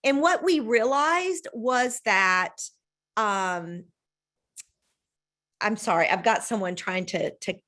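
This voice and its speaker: A woman, hosting a casual video-call chat from home and telling stories with lively, acted-out quotes. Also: slow, pauses often. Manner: animated storyteller, acts out quotes with big pitch jumps. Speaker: host.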